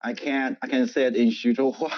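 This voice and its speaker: A man from northern China with a Chinese accent, a native Chinese speaker, talking as an interview guest; he is halting and often repeats words. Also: mid-range voice, flat delivery, no room sound, dull audio. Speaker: interview guest, English teacher. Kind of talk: casual interview chat.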